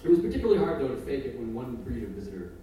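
A man telling a personal story on stage with an audience, animated and self-mocking, building into rants, from a distant mic in an echoey hall. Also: medium pitch, very fast, slight background noise.

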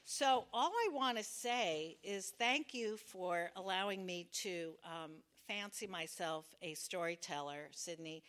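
Woman, live storyteller, wry, self-deprecating, plays the quoted voices, slow, bright. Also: lowish voice.

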